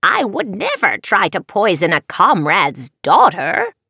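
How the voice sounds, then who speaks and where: A woman's voice: medium pitch, huge pitch swings, unhurried, creaky, pushed and bright, breathy edge, no echo, clean studio sound, full character voice. A woman voicing a teasing, cackling wicked witch in an audiobook. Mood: amused. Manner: cackling, theatrical.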